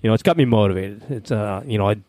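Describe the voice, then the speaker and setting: A man hosting a casual hobby podcast, talking in a relaxed way with plenty of fillers. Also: fairly low pitch, fast talker, no echo. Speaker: podcast host. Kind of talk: casual chat.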